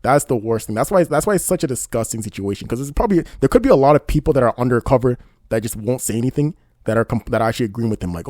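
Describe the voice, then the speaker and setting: A man's voice: medium pitch, expressive, racing, warm tone, dry recording, studio quality. A man doing casual online commentary, indignant and rambling, often asking "you know what I mean". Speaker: commentary YouTuber.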